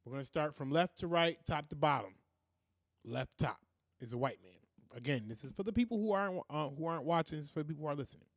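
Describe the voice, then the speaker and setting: A man's voice: fairly high pitch, fast, dry recording, studio quality. A man hosting a podcast in a casual, profane monologue who keeps breaking into laughter. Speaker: podcast host.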